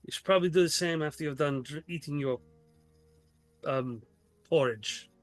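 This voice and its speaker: A man's voice: on the high side, dry recording. A man speaks in a slightly raised voice with a put-on accent, stumbling and apologetic as he plays his character at a tabletop game. The sound is dry and close to the mic, with faint music underneath. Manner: halting, polite, flustered. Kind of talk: in-character tabletop role-play.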